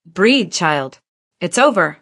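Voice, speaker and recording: Woman reading calm, dignified older woman in her seventies, steady firm delivery. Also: on the low side, slow pace, full character voice.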